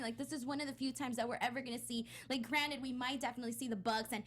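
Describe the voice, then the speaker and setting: Excitable woman, brighter voice. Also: on the high side, fast, few pauses. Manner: excitable fan, piles up restarts and fillers. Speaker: podcast panelist. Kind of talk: casual chat.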